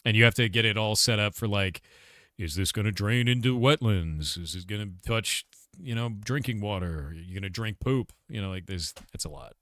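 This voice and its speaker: A man's voice: lowish voice, moderate pace, fairly bright tone, no room sound. A man casually chatting with his livestream audience, rambling and blunt, swearing now and then. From United States. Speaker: streamer and game developer.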